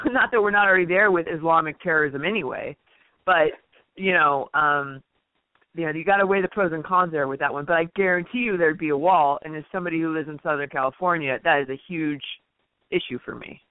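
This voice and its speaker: A woman's voice: deep voice, brisk, dry recording. A woman guest on talk radio who chats with plenty of fillers and turns indignant as she goes on. Her voice is dry and thin, and it sounds tinny, like it comes over a phone line. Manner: chatty, hesitant, with many fillers, then indignant. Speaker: radio guest and political writer. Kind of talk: conversational political talk.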